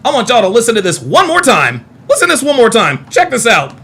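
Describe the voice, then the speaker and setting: A man hosting a live stream in a very high, bright voice that swings widely in pitch. He argues in a combative way, repeating lines and swearing freely. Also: wildly swooping pitch, fast talker, creaky, husky. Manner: combative, repetitive, profane. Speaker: host of a live call-in stream. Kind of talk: heated live stream commentary.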